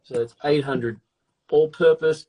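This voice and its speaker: Middle-aged man, fairly high voice, playful and rambling, joking casual chat. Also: steady tone, unhurried, muffled recording. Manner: playful, rambling, jokes and teases. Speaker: co-host baking along. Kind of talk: casual chat on a live stream.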